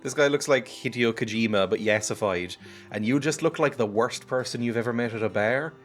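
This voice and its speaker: A man's voice: medium pitch, a little fast, faint music behind. A man giving casual, sarcastic, rambling commentary while playing a game, laughing often. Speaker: gaming YouTuber. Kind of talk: casual let's-play commentary.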